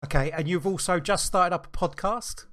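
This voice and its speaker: A man's voice: high-pitched, moderate pace, fairly bright tone. A man co-hosting a podcast, making dry teasing jokes. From United Kingdom. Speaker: podcast co-host. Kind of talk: casual podcast chat.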